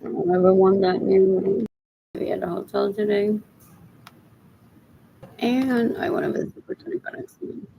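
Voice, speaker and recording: A woman with a gravelly, creaky voice rambles bluntly on her vlog, muttering to herself between complaints. The audio is dull and lo-fi, with faint pigeons and birds behind her. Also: mid-range voice, normal speed, long pauses, slight background noise. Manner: repetitive, blunt and profane, often muttering 'what else'; switches between English and Spanish. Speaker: vlogger. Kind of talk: rambling monologue to camera.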